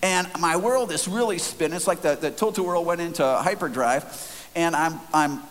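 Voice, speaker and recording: In a long, reverberant hall with faint hiss on the recording, a man tells a sermon story earnestly and conversationally, often restarting. He speaks at normal speed in a fairly bright voice on the high side.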